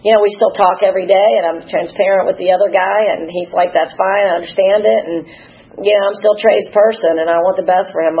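A woman's voice: medium pitch, dull audio. A woman in her fifties giving a teary, rambling personal testimony at a recovery meeting, acting out the dialogue she recalls. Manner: emotional, rambling, acts out quoted dialogue.

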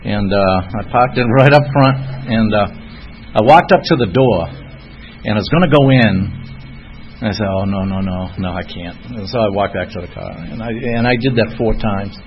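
A man's voice: lowish voice, moderate pace. A man with a Boston accent sharing a personal recovery story in a rambling way, with many fillers and frequent chuckles. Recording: dull lo-fi recording with faint noise.

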